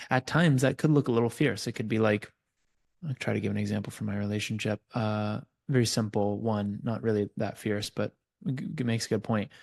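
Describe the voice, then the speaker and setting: A man's voice: lowish voice, vocal fry, darkish tone. A man, a coach as a podcast guest, earnestly explaining his ideas in a conversational teaching style and giving examples.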